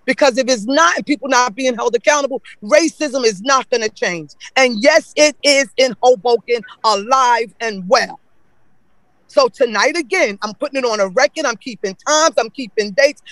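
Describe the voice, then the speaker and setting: A man's voice: very high-pitched, moderate pace, sharp tone, no echo, rough recording. A man giving an emotional, accusatory public comment at a city council meeting, repeating his points over and over.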